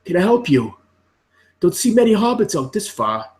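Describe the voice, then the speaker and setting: A man's voice: mid-range voice, animated, unhurried, lightly acted. A man voicing a wary, plain-spoken middle-aged farmer in a tabletop game.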